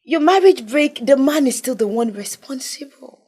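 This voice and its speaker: A woman's voice: sits high, expressive, moderate pace. Woman, earnest, emphatic, interview guest. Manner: earnest, emphatic, drops to soft tones. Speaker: guest, mental health advocate. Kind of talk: conversational interview.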